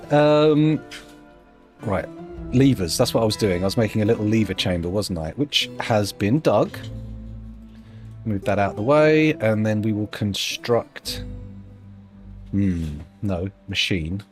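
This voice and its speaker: A man's voice: on the low side, expressive, slow, long pauses, darkish tone, faint music behind. A man streaming a game, chatting casually and thinking aloud with dry, self-mocking asides. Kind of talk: casual live-stream commentary while playing.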